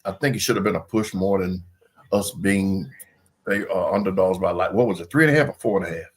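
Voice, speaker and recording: Loud bragging guy on a sports podcast, always arguing his team's case. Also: deep voice, breathy edge. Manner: loud, boastful, quick to argue. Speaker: podcast co-host. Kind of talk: casual sports podcast chat.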